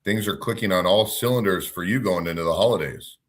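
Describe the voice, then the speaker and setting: A man's voice: sits low, fairly quick. A man co-hosting a casual chat show, upbeat and rambling. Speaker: co-host.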